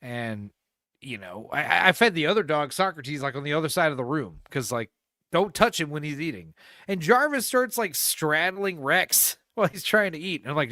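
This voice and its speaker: In this casual storytelling chat, a young podcast co-host rambles through profane stories, laughing a lot and performing the quotes. His voice is a little high and sing-song, sharp in tone, at a normal speed. The sound is clean studio audio with no echo.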